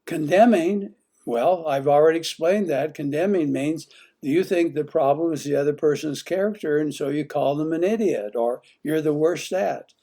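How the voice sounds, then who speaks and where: Mellow-voiced man teaching marriage communication. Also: on the high side, moderate pace. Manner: asks the listener many direct questions. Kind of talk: instructional talk.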